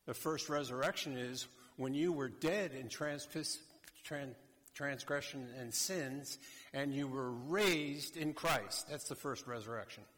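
A man preaching a sermon slowly and emphatically, addressing a congregation. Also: medium pitch, a bit bright. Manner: slow, deliberate, emphatic preaching. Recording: long hall reverb.

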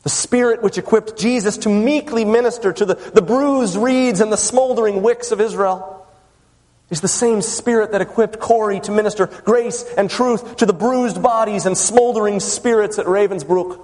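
A man with a high, light voice preaches a sermon, earnest and deliberate, leaning on his pauses. His words ring out with a long reverb, as if spoken in a large hall. He addresses the listeners as friends. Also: darkish tone.

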